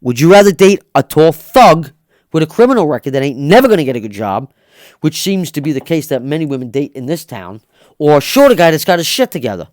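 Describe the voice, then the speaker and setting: A man, telling stories as an interview guest in a loud, blunt, profane rant. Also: fairly high pitch, very animated, fast. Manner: loud, blunt, swearing constantly. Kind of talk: profane ranting storytelling.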